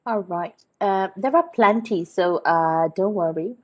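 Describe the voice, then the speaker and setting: Husky-voiced woman teaching vocabulary. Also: mid-range voice, unhurried, highs cut off. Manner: explains patiently with many fillers and checks like "okay?" and "right?". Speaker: English teacher. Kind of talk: recorded vocabulary lesson.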